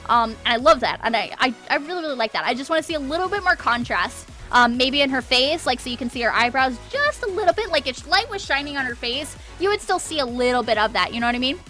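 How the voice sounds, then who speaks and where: A woman's voice: high voice, animated, fast talker, few pauses, bright, forceful tone, faint music behind. A woman streaming a live art critique, encouraging, often checking in with "okay?" and repeating words for emphasis.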